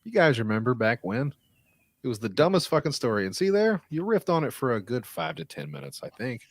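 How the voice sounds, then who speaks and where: A man's voice: mid-range voice, very animated, brisk, no echo. A man hosting a podcast, talking in loose, profane banter and laughing easily. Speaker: podcast host.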